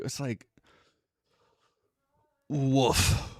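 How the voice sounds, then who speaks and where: A man's voice: mid-range voice, animated, moderate pace, fairly bright tone, no echo. Brief: man hosting a casual stream, sarcastic and swearing, dry close mic. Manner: casual and sarcastic, swears, reads chat aloud. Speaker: stream host.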